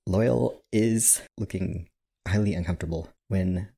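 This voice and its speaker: A man with a very deep, husky voice playing a tabletop game. He describes what his character does in a loose way, often correcting himself partway through. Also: a little slow, dark tone. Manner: hesitant, self-correcting description. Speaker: player.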